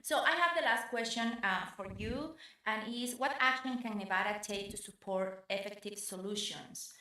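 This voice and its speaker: A woman with a Bolivian Spanish accent hosts a casual interview, working through her English with halting phrasing and many fillers. Her pitch is ordinary for a woman. A heavy echo hangs on her voice, as if the room is bare. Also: bright, forceful tone. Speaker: host. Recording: very echoey room.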